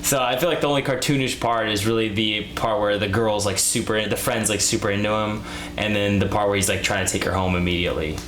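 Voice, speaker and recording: Halting man in an echoey room. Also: fairly low pitch, steady tone, fairly bright tone, faint music behind. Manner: halting, searches for words. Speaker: co-host. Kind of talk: casual reaction commentary. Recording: roomy echo with faint hum.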